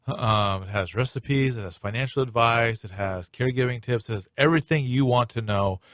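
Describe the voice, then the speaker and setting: A man's voice: medium pitch, a bit bright, no echo, studio quality. A man hosting a radio talk show, chatty and playful, with joking asides to his listeners.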